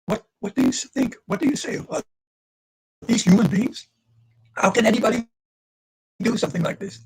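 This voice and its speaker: Older man with a gravelly husky voice. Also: very high voice, normal speed, a little mellow, poor audio. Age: 80s. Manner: earnest, addresses listeners directly. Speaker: Holocaust survivor speaking to students. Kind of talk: livestreamed talk. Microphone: video call.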